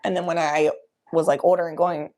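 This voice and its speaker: A woman's voice: low-pitched, flat delivery, a little fast, darkish tone. A woman from the US Midwest, chatting casually on a livestream in a loose, swearing, talkative way. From Cincinnati, US Midwest.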